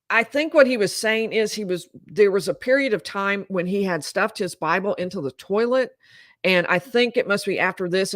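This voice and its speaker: A woman giving animated, incredulous commentary while recapping trial testimony and acting out quoted dialogue. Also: lowish voice, no echo, clean studio sound. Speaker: legal commentator.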